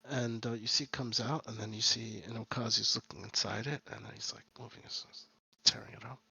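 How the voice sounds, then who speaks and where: A man's voice: medium pitch, steady tone, fairly quick, vocal fry, pushed and bright, breathy edge, no echo. A man narrating as game master of a tabletop game, in a rambling, filler-heavy way.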